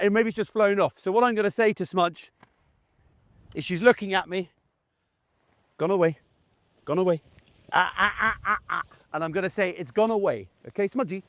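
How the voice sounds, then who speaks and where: A man teaching gundog handling out in a field, his voice sitting a little high. He talks the viewer through each step in a chatty way and breaks off to call short commands to his dog. The sound is dry and close, with no room echo. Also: fairly bright tone. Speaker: gundog trainer. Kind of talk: instructional talk while working a dog in the field. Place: outdoors in a field beside a game crop.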